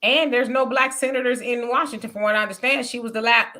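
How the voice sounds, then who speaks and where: A woman's voice: on the high side, steady tone, quick pace, bright, forceful tone. A woman hosts a casual live-stream chat, reading viewer comments and answering them candidly. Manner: candid, conversational, reads comments aloud with asides. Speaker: live show host.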